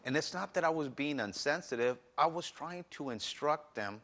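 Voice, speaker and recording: A man's voice: a little high, animated, normal speed, fairly bright tone. A man speaking as a guest on a faith talk show, candidly telling his own story with earnest restarts. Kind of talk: personal testimony in interview.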